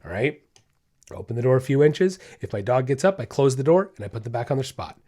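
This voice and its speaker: A man hosts a dog-training podcast in a relaxed, chatty voice. His pitch sits in the middle range for a man. He keeps checking in with listeners as he walks them through each step. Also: quick pace. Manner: casual, upbeat, addresses listeners as guys, many okays and rights. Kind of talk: instructional podcast talk.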